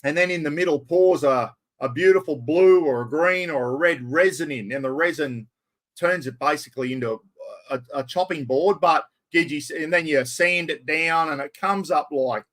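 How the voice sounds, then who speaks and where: A man's voice: fairly high pitch, normal speed, fairly bright tone. A middle-aged Australian man hosting a casual camping live stream, chatting in a blokey way, reading out viewer comments and swearing freely.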